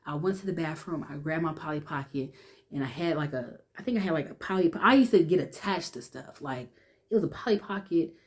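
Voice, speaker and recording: A woman telling her personal testimony in an emotional, conversational way, restarting often and dropping to a hush when she relives fear. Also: low voice, expressive, brisk. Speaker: vlogger sharing her testimony.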